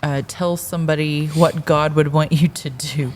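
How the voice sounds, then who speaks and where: A woman co-hosting a casual podcast chat, measured, with wry interjections. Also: deep voice, fairly even intonation, a little mellow. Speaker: podcast co-host.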